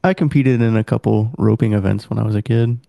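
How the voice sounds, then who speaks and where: A young man chatting casually on a podcast, dropping quick jokes and interjections. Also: lowish voice, gravelly, warm tone, dry recording, studio quality. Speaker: podcast co-host. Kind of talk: casual chat.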